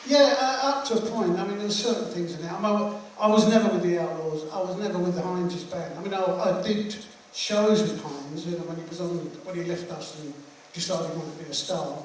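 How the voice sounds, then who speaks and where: Answering audience questions in a screening hall after a film, the older musician speaks a little fast in a voice that sits high, his replies joking, blunt, and meandering. Captured from a distance in the echoey room, the audio carries a bit of hiss or hum.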